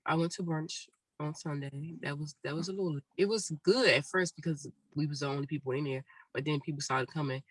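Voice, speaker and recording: A podcast co-host telling stories in casual, profane chat, with a sore throat after surgery. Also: female voice, deep voice, a little fast, breathy edge, dry recording, low-quality recording. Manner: profane, animated storytelling.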